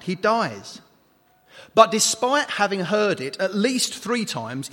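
A man's voice: high-pitched, fairly bright tone. A man preaching an Easter sermon to a congregation, joking and quizzing the people in the pews. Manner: jokey, bantering with the congregation. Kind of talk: lively Easter sermon with audience questions. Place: large church hall. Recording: long reverb of a large hall.

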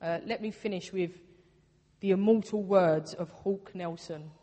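A woman's voice: lowish voice, unhurried, dark tone. A woman preaching a sermon in a casual, earnest way, repeating her points for emphasis. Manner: earnest, conversational, with emphatic repetition. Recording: long reverb of a hall.

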